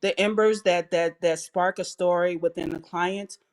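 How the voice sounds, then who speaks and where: A woman's voice: fairly low pitch, steady tone, moderate pace, a little mellow. Middle-aged woman, sassy and blunt, cusses a lot, calls folks sweetie, guest on a live audio show. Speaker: guest, personal branding expert. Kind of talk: live audio-room conversation.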